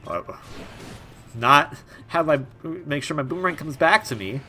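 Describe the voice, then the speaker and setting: A man's voice: a little high, animated, unhurried, pushed and bright, a little hiss or hum. A young man giving casual, jokey let's-play commentary, rambling and stammering over repeated words. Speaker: gaming YouTuber.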